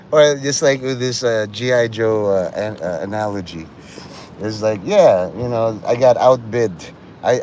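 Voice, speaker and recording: A man rambles through a loose, profane livestream monologue and keeps laughing at his own jokes. His voice sits at an ordinary middle pitch. Faint traffic hums behind him outdoors. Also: a little mellow. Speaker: livestream host.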